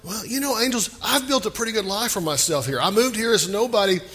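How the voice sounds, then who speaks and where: A man's voice: expressive, fast, a bit bright, slightly rough, long reverb tail, exaggerated voice. A man voicing a hesitant, pleading man who stammers as he bargains to stay put. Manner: stammering, wheedling, rising pitch.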